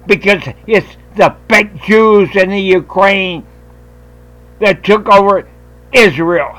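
A man hosting a talk radio show, ranting in a loud, combative and profane way. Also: high-pitched, takes it slowly, rough recording. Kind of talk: heated talk radio rant.

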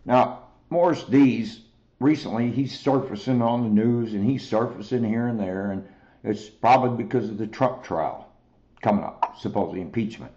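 A man's voice: mid-range voice, moderate pace, mellow, highs cut off. A man hosting a talk show, delivering an angry, profane monologue straight to his listeners. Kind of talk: heated monologue.

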